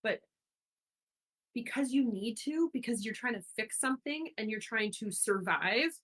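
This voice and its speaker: A woman's voice: fairly high pitch, lively intonation, normal speed, fairly bright tone, low-quality recording. A woman from Ontario hosting a speaker series, talking in a casual, effusive, rambling way with many fillers and restarts. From Ontario, Canada. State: getting emotional. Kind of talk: casual live-stream monologue.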